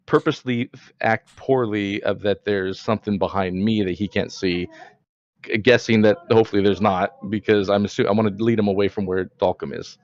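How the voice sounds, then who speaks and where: A man's voice: on the low side, steady tone, fairly quick, no room sound, lo-fi sound. A man playing a tabletop game, explaining his plan hesitantly and rambling with laughs. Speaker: player. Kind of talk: casual tabletop play.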